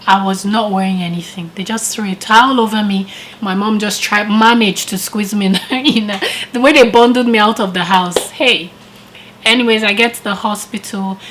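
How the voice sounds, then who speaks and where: A woman vlogger casually telling a personal story with animated retellings and frequent laughter. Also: medium pitch, slight background noise, rough recording. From living in Canada.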